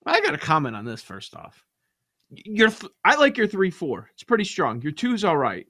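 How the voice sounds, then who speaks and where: A man's voice: high voice, wildly swooping pitch, normal speed, sharp tone, no echo. Guy cohost ribbing his friends, voice jumps around, dry close mic. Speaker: podcast co-host. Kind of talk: casual podcast chat.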